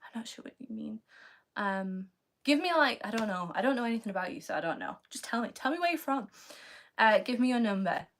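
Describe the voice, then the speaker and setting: A woman's voice: on the high side, expressive, a little fast, slight background noise. A young British woman chatting casually on a live stream, reading viewers' comments aloud and answering them in a loose, filler-heavy way. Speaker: livestreamer answering chat.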